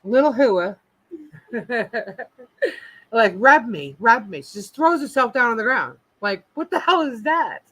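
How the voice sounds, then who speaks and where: A talkative woman co-hosts a relaxed live chat with a bright, forward tone. She tells stories about her animals and plays out their voices. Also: on the high side, slow pace, pauses often, low-quality recording. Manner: chatty storyteller, acts out her pets. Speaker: co-host.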